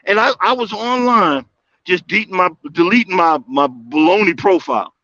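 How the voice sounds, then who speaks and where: A man on a livestream call telling casual stories, animated, acting out quotes with big jumps in his voice. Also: high-pitched, normal speed, dry recording. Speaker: guest speaker on a livestream call. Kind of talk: casual storytelling. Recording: dull lo-fi livestream audio.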